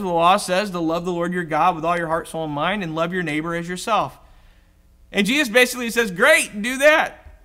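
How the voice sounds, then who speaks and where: Male pastor, conversational sermon delivery, self-deprecating humor, bright tone. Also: high voice. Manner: conversational, self-deprecating, voices quoted characters. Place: church.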